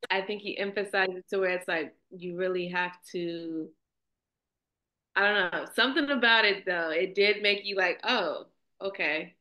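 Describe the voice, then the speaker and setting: A woman's voice: medium pitch, moderate pace, bright, forceful tone, low-quality recording. A woman on a sales team answering her coach in a group session, chatty and full of filler words. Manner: chatty, hedging with "like" and "um".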